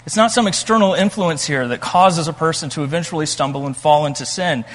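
A man preaching a sermon as a pastor, earnest, slowing down for emphasis and reading scripture aloud with rising intensity. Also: on the high side, fairly bright tone. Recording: long reverb from a large room.

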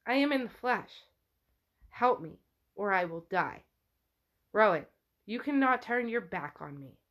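A woman's voice: medium pitch, expressive, measured pace, fairly bright tone. A woman reading as a pleading newborn spirit. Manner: pleading, insistent. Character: demanding newborn male spirit being.

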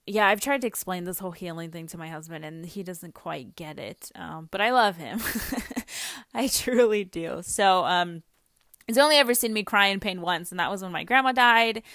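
An adult woman with a daughter hosts her own podcast, rambling candidly through a personal, reflective monologue with plenty of fillers and casual swearing. Her voice is on the low side and fairly bright, at normal speed. The sound is clean studio quality with no echo.

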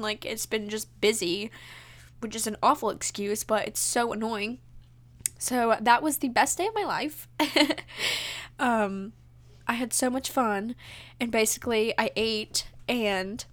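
Gushing young woman, higher voice. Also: fairly bright tone. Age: young adult. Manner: gushing, emotional, fillers like "like". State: tearful. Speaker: vlogger. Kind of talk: casual storytelling.

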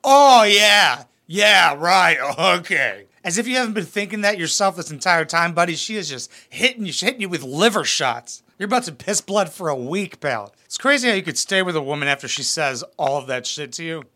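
A young man riffs on reality TV clips with crude, mocking humor. His voice sits high and bright and leaps around with exaggerated emphasis. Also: fast, few pauses. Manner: mocking, profane, animated. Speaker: reaction commentator. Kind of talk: crude comedic reaction commentary.

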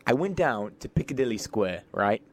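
A man's voice: on the low side, fairly even intonation, a little slow. A man putting on a chatty British bloke. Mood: playful. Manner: rambling, exaggerated slang. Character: chatty young British bloke telling a shopping story.

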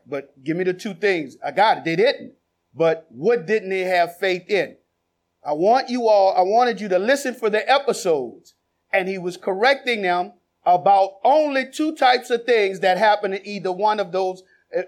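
A man a sermon, quizzing the congregation and then building to shouted exhortation. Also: sits high, animated, moderate pace. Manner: builds from conversational questioning to shouted preaching. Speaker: preacher. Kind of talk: sermon with congregation call-and-response.

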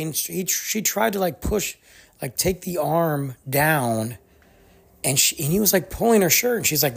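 Solo podcast host ranting, raspy gravelly voice, pitch all over the place, does little voices for people. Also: unhurried. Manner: animated ranting storyteller; acts out quoted people mid-story.

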